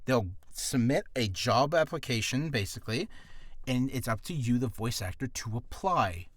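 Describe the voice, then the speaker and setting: A man's voice: medium pitch, lively intonation, moderate pace, no room sound. A man teaching voice acting in a casual tutorial, rambling with asides and poking fun at himself. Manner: rambling and self-deprecating, full of asides.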